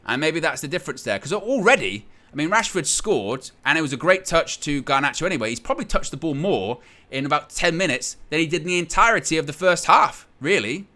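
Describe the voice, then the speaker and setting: A man hosting a live football watchalong, calling the play, surging loud at goals and then breaking it down calmly, reading viewers' chat aloud. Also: fairly high pitch, brisk, few pauses. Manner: excitable, surges loud at goals, then calm analysis. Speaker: watchalong host. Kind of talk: live match watchalong commentary.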